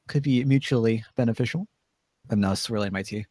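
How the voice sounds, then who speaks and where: A man playing a tabletop game, speaking his character hesitantly with many pauses and fillers. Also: medium pitch, darkish tone, no echo. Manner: hesitant, halting, many uhs. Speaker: player. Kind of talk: tabletop role-play in character.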